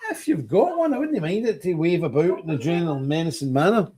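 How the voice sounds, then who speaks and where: An older man with a slightly high voice, talking into a phone camera on a casual livestream. He rambles from one thing to the next and greets viewers one by one as they arrive. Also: animated, fast, mellow, breathy edge. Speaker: livestream host. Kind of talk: casual livestream chat with scripture reading.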